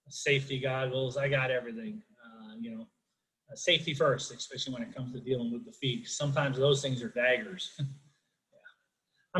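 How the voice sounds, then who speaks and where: Bright-voiced middle-aged comic on a video call. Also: male voice, medium pitch, poor audio. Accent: Chicago. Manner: chatty, self-deprecating, many fillers. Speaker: stand-up comedian. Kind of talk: stand-up routine on a video call.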